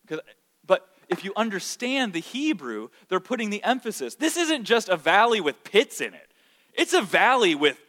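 A male pastor delivering a sermon in a somewhat high voice. His delivery is very animated, dropping to hushed tones and then rising to loud, emphatic peaks. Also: normal speed.

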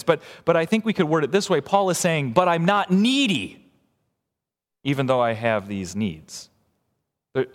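A man preaching a sermon as pastor, moving between emphatic, raised lines and soft, hushed asides. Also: a little high, big-room sound.

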